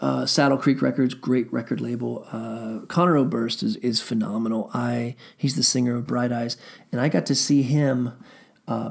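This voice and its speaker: A middle-aged man with a gravelly, creaky voice tells stories from his music days. He rambles, circles back with fillers, and swears casually, his pitch sitting in an ordinary middle range. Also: a little mellow. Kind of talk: casual storytelling.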